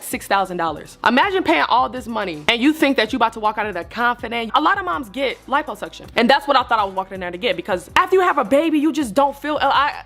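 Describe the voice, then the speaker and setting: Young woman, candid vlogger storytelling, animated, cursing, faint music underneath. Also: a little high. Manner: candid, animated, swears freely. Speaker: vlogger telling a personal story. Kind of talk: casual storytelling to viewers.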